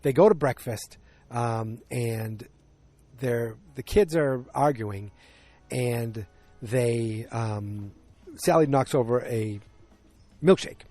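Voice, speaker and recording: A man's voice: medium pitch, takes it slowly, no room sound. Rambling, chatty man recapping a show. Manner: rambling, self-correcting storyteller with frequent fillers; animated, exclamatory asides. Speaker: podcast host. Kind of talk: casual solo podcast recap.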